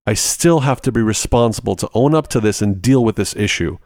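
A man's voice: fairly low pitch, animated, fairly quick, a little mellow, no echo, clean studio sound. A man hosting a ministry podcast, teaching in a conversational way and walking through everyday examples step by step, repeating short phrases for emphasis.

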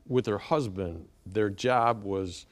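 A man's voice: lowish voice, slow pace. A man hosting a TV interview, prompting his guest with guiding questions. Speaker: host, interviewer.

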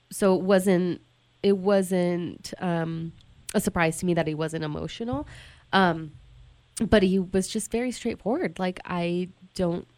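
A woman's voice: lowish voice, darkish tone. A woman in a studio, candidly telling an emotional personal story with lots of "like" and restarts. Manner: candid, heavy use of "like" and restarts. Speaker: guest telling her story. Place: radio studio.

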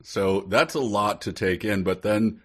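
A man's voice: fairly low pitch, a little slow. A man co-hosting a comedy podcast, reading a novel's passages aloud and joking wryly about them. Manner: wry, reads passages then jokes about them. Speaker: podcast co-host. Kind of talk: comedic book-reading chat.

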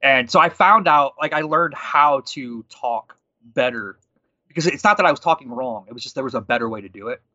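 Fast-talking bright-voiced man. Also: mid-range voice, dry recording, lo-fi sound. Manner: fast, animated storytelling with quoted dialogue. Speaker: guest. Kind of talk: conversational storytelling.

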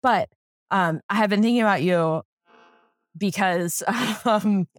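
A woman's voice: mid-range voice, slow, no echo, studio quality. Giggly young woman recapping a show. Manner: giggly, retells scenes with put-on quotes. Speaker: podcast co-host. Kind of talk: casual chat recap.

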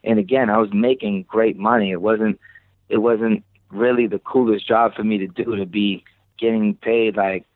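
A low-voiced man with a Boston accent, chatting loosely as a podcast guest. He rambles and swears offhandedly. The sound is tinny and phone-like, with a dry, close feel. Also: fairly even intonation, moderate pace, no echo. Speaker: podcast guest, creative director. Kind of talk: casual podcast chat.

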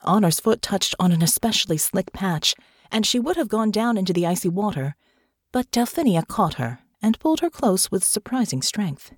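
A woman narrating an audiobook in an expressive, measured storytelling manner. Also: medium pitch, no echo, studio quality. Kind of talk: scripted narration.

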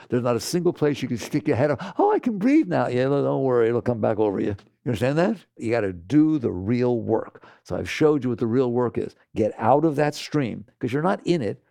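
A man's voice: medium pitch, creaky, dark tone, no room sound, clean studio sound. A man giving a spiritual talk on meditation to a live audience, speaking conversationally and often checking in with his listeners. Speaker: meditation teacher.

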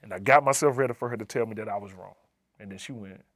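A middle-aged man from the Southern United States, an assistant dean of community and inclusion, races through a personal story in a lowish, slightly bright voice with no room sound. He's earnest and emphatic, repeating key phrases for weight.

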